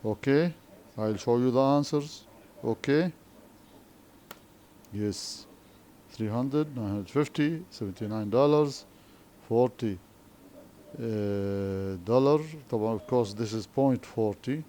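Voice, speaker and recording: A man with an Arabic accent teaching an English lesson, speaking slowly and checking understanding with repeated questions. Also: medium pitch, dark tone, a little hiss or hum. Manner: slow, repetitive, frequent questioning tags. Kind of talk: classroom lesson explanation.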